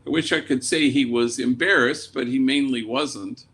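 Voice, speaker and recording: A man, a priest, telling a story in a lively way, dropping in Spanish slang words. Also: mid-range voice, moderate pace. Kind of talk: storytelling talk.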